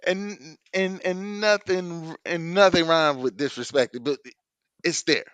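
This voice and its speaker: A man's voice: fairly high pitch, slow pace, fairly bright tone, clean tone, no room sound. Dry-voiced man arguing rap lyrics. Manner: insistent, restarts mid-thought, profane. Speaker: podcast co-host. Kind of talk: casual debate about rap lyrics.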